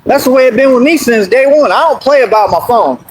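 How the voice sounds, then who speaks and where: A man's voice: extremely high pitch, expressive, a little fast, background noise. A man delivering a boastful, confrontational street rant, repeating himself and taunting his critics. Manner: swaggering, confrontational, repetitive.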